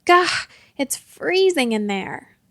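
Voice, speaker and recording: A woman voicing a fiery, pointy-eared magical young woman who scolds and yells with a sharp tongue. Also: sits high, sing-song, slow pace, dry recording, studio quality, full character voice. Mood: scornful.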